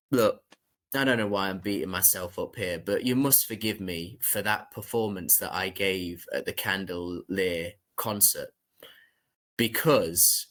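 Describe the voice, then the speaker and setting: A man who is a podcast guest, actor and musician, speaking reflectively with many pauses and fillers. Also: low-pitched, a bit bright. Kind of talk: reflective conversation.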